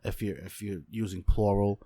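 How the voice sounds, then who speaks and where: A man from Queens with a New York accent, chatting as a podcast guest and talking in an animated way. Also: on the low side, normal speed. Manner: animated, talks up his Italian roots. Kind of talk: casual chat.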